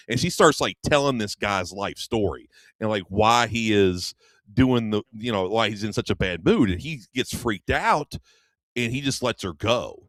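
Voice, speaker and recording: In a radio studio, a male co-host with a lowish, slightly bright voice retells a film's story at normal speed in an animated way. He wanders through the plot casually, performing the characters' lines, and the sound is dry.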